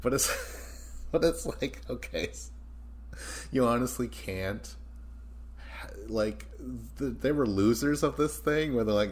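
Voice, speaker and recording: A man's voice: mid-range voice, lively intonation, measured pace. A man hosting a podcast in loose casual chat, rambling and swearing with a joking tone. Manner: rambling, profane, jokey. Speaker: podcast host.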